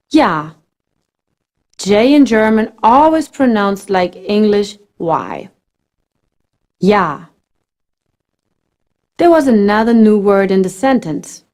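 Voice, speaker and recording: A woman narrating a scripted language lesson, modelling phrases slowly with careful enunciation. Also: fairly high pitch, darkish tone. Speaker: language teacher.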